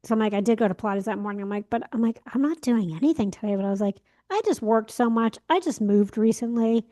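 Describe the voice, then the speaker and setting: A woman's voice: on the high side, fast, warm tone. A young woman co-hosting a podcast, telling a story in casual chat and acting out the lines she quotes. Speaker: podcast co-host.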